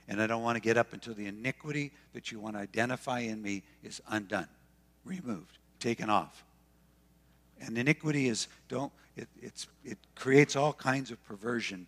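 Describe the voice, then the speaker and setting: A man preaching a sermon with passion, swinging between loud declarations and hushed asides. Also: medium pitch, fairly quick, long reverb tail. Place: church hall.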